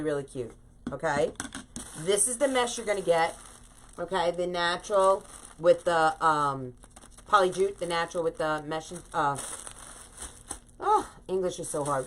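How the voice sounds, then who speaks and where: The host of a chatty craft livestream on wreath-making, a middle-aged woman, greets her viewers by name with bubbly enthusiasm. Her voice is lowish, and there's slight background noise.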